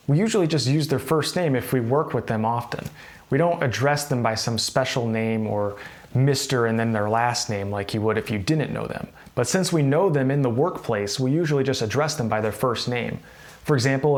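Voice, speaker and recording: A man with an American accent teaching workplace English, explaining casually and acting out example phrases. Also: mid-range voice. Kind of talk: instructional explanation to camera.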